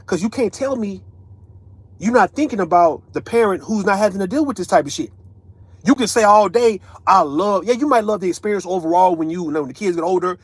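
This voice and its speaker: A man's voice: sits high, brisk, slightly rough, dry recording. A man, ranting casually as an online commentator, profane and emphatic, tagging lines with right and man. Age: 30s.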